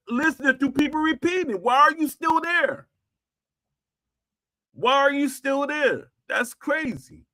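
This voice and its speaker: A middle-aged man with a high, bright voice holds forth to his viewers in an unhurried rant. He repeats himself for emphasis and stamps each point down hard, like a host airing a grievance. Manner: emphatic, repetitive, punctuates claims with "Facts". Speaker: streamer host. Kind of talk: ranting monologue to viewers.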